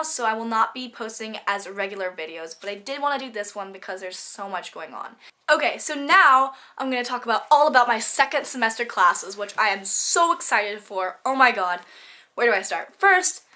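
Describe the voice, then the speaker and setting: Bright-voiced teen girl vlogger, gushing and chatty, nasal from a cold. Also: a little high, lively intonation. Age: teens. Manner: bubbly, gushing, rapid chatter. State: stuffy from a cold. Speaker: student vlogger. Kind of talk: casual vlog chat.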